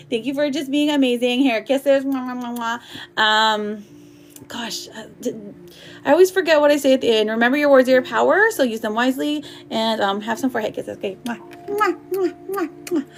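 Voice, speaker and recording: A woman with a slightly high voice hosts a live tarot stream. She talks to viewers in a warm, chatty way, laughing often and reading their comments aloud between card pulls. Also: moderate pace. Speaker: tarot reader.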